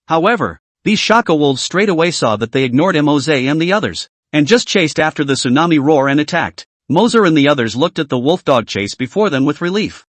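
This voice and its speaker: A man narrating a manhua recap in a plain, steady storytelling manner. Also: a little high, no room sound.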